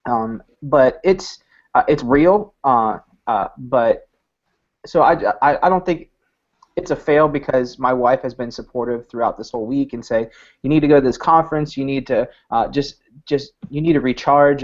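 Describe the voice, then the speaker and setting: Reflective pastor, halting and hesitant. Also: male voice, medium pitch, darkish tone, lo-fi sound. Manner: reflective, halting, many fillers. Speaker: pastor and podcast co-host. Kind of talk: casual podcast chat.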